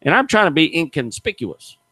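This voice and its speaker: Middle-aged male radio host, animated folksy storyteller, very expressive pitch, dry close sound. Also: fairly quick, no room sound. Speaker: radio show host, gator hunter. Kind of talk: casual radio chat, storytelling.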